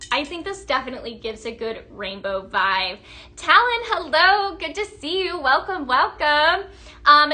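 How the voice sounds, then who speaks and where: A young woman with a high, bright voice hosting a live sales stream. She talks in a chatty, upbeat way, greets viewers by name and fills her pauses with plenty of ums while she shows off products. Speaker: host of a live home-fragrance sales show.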